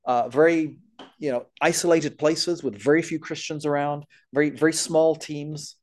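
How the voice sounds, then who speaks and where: A man's voice: on the high side, fairly even intonation, normal speed, a little mellow. A man giving an earnest talk on missionary care, working through a list of points. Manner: earnest, explanatory, lists points. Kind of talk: church talk.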